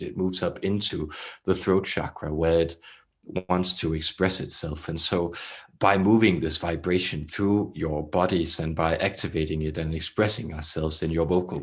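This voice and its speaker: A throaty, very low voice of a serene alien collective, as a man channels it, speaking as "we". The delivery is slow and solemn, with long pauses between phrases. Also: natural voice. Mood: explaining. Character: collective alien consciousness speaking as a group, calm and benevolent. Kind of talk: channeled spiritual message.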